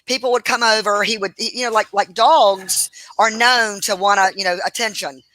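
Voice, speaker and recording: Animated, rambling woman with a bright voice. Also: mid-range voice, moderate pace, poor audio. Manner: animated storyteller, rambling, laughs easily. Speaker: cooking show host. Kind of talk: casual chat while cooking. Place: home kitchen.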